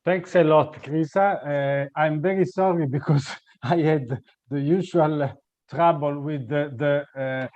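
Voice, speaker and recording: A man's voice: on the high side, steady tone, unhurried, a little mellow. Apologetic stumbling man moderating online. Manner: apologetic, hesitant, stumbling repetitions. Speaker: panel moderator. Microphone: video call. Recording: dull lo-fi video call audio.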